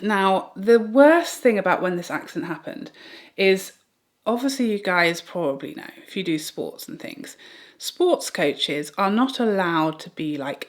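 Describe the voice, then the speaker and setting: A woman vlogger telling a personal story in a get-ready-with-me video, in an earnest, chatty way full of "like". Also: on the low side. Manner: chatty, earnest retelling with many "like"s.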